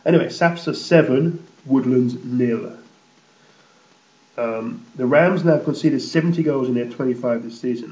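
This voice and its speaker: A man's voice: medium pitch, unhurried, a little mellow. Blunt man reading football results. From England. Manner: blunt, rambling, swears freely. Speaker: football show host. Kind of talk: casual spoken results roundup. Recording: roomy, slightly dull recording.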